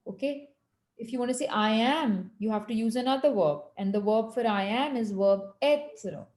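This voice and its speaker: A woman's voice: on the high side, darkish tone. Patient woman teaching on an echoey call. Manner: patient, corrective, slow when modelling French. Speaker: French teacher. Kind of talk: online language lesson. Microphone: video call.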